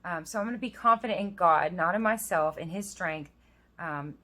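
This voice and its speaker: A woman in her thirties talks straight to her viewers in a casual vlog. Her voice sits a little low, and she turns reflective and earnest as she reads verses aloud. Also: normal speed, sharp tone. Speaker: vlogger. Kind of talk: casual personal vlog with scripture reading. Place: outdoors in the rain.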